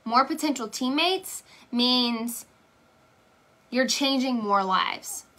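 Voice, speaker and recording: Young woman, team leader, live-stream pep talk; bright, slightly high voice, emphatic and repetitive. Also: slow pace. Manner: emphatic, repeats "okay?" and "right?". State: tearing up. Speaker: direct sales team leader.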